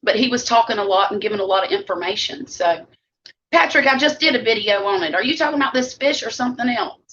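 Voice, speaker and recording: A middle-aged Southern woman talks in a bright, slightly high voice, chatty and homey, and she eats as she speaks. The live stream audio is dull and lo-fi. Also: lively intonation, fast. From Mississippi Gulf Coast. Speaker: vlog host. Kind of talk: casual live-stream chat with viewers.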